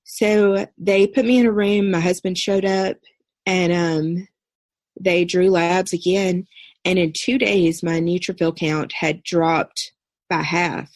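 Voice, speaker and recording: A woman's voice: on the low side, takes it slowly, no echo. Woman in her thirties, dry close recording. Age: 30s. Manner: earnest, steady recounting with brief quoted dialogue. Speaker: podcast guest. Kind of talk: personal storytelling.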